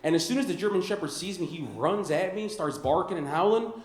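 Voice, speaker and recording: A young man from Chicago doing a stand-up comedy set on a club stage, animated, laughing at his own lines and calling people "bro" and "dude.". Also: high voice, a little fast. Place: comedy club stage before a live audience. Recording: roomy club sound.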